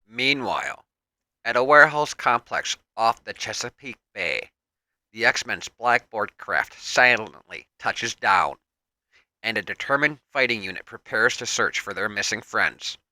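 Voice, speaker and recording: A man reads a superhero comic aloud in a dramatic storytelling manner. His voice is bright and sharp. The recording is dry and close. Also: fairly low pitch, expressive, a little slow, no echo, poor audio. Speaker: comic book reader.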